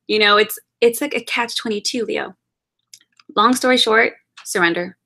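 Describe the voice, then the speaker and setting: A woman's voice: mid-range voice, fairly quick, fairly bright tone. A woman reading tarot cards for a monthly love forecast, talking to the listener directly in an earnest, reassuring and encouraging way. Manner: spiritual, encouraging advice-giving. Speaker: tarot card reader.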